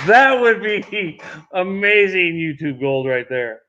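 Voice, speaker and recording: High-voiced man chanting auction bids. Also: very animated, slow, bright, forceful tone, highs cut off. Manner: repetitive bid-calling chant with joking asides. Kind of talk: livestreamed benefit auction.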